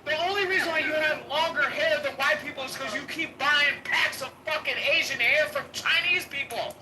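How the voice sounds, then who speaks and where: A man's voice: extremely high pitch, normal speed, distant mic. A male host in a heated live argument, talking aggressively and mockingly, repeating his jabs and swearing heavily. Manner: aggressive, mocking, repeats phrases, heavy profanity. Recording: noisy live stream audio.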